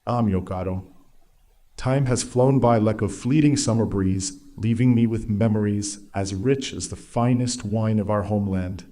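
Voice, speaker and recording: A man's voice: fairly low pitch, normal speed, dark tone, close to an everyday voice. A synthetic male voice playing a nostalgic old man in his twilight years who speaks wistfully and poetically.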